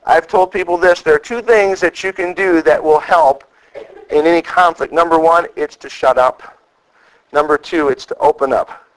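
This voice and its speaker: High-voiced animated male preacher. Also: moderate pace, low-quality recording. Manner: animated storytelling, acts out quoted lines. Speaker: pastor. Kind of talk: sermon.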